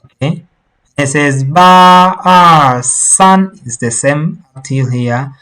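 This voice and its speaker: A teacher giving an online lesson in English, slowly explaining words and repeating them for learners to copy. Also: mid-range voice, bright, forceful tone, clean tone, low-quality recording. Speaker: Mandarin teacher.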